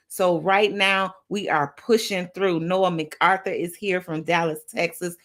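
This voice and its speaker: A woman's voice: lowish voice, steady tone, moderate pace, few pauses, fairly bright tone. A woman hosting a live motivational affirmation stream, repeating phrases in a preacher-like call-and-response. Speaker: motivational talk show host.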